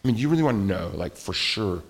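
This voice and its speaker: A middle-aged man preaching a sermon, rising to loud emphatic peaks and dropping to quiet, confessional lows. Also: animated, fast. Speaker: pastor.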